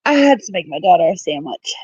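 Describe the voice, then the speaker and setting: A woman's voice: lowish voice, sing-song, fast talker, darkish tone, slightly rough, dry recording, lo-fi sound. A woman giving casual tarot readings on a live stream, chatty and apologetic, calling viewers babe and love, with her children heard behind her. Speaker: tarot reader. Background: children heard in the background.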